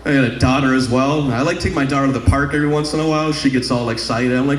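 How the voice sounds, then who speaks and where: A man's voice: medium pitch, steady tone, fast talker, slight background noise. A young man doing a crude stand-up comedy set on a club stage, rambling into a handheld mic with sung bits. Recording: echoey live club room.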